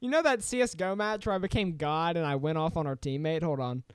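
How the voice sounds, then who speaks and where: An excitable young man co-hosting a casual gaming podcast, laughing often. His voice is smooth and clear. The mic is close and dry, with no room sound. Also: fairly high pitch, fast, no echo. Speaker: podcast co-host.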